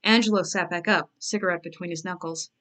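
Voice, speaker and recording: A woman's voice: lowish voice, fairly even intonation, fairly quick, fairly bright tone. A woman author reading her own novel aloud on a live stream, breaking off for self-mocking asides.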